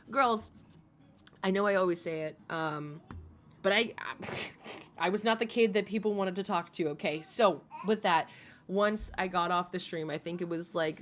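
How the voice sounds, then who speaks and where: A woman streamer in casual livestream chat, bubbly and giggly, gushing over her viewers. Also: mid-range voice. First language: English.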